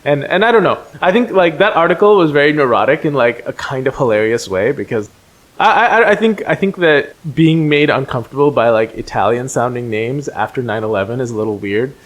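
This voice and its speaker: A man's voice: mid-range voice, expressive, brisk. A man co-hosting a podcast, rambling and self-deprecating. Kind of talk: casual chat.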